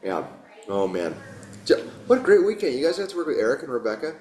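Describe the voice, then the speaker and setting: A man's voice: medium pitch, wildly swooping pitch, quick pace, darkish tone. A man leading a yoga teacher training class, chatty and joking, encouraging his students. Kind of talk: casual class talk. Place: warm studio room with a group. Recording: echoey room.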